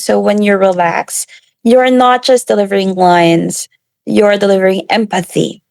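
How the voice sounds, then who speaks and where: Woman presenter with a gravelly edge. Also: mid-range voice, a little mellow, no room sound. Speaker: student presenter. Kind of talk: reading a class lesson.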